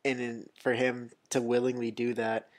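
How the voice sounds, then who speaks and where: A man's voice: mid-range voice, normal speed. Rambling man on a movie podcast. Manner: relaxed, rambling, filler-heavy. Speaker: podcast co-host. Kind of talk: casual chat.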